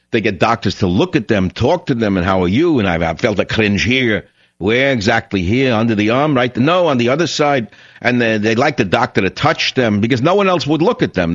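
A man's voice: fairly low pitch, muffled recording. Combative older man ranting on talk radio. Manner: combative, sarcastic, fires rhetorical questions. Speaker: radio talk show host. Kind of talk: opinionated talk radio monologue.

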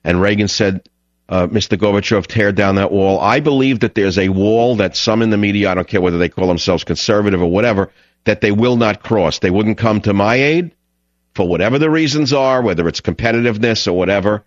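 Blunt New York radio host. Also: male voice, on the low side, brisk, no echo, dull audio. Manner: direct, opinionated, repeats words when starting. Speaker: radio talk show host. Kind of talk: talk radio call-in.

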